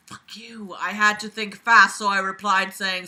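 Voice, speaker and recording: A woman's voice: medium pitch, fairly even intonation, unhurried, hardly any pauses, sharp tone. A woman reading a fan story aloud and breaking off with sarcastic, swear-filled commentary. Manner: sarcastic, swears often, exasperated. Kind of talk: mocking read-aloud commentary.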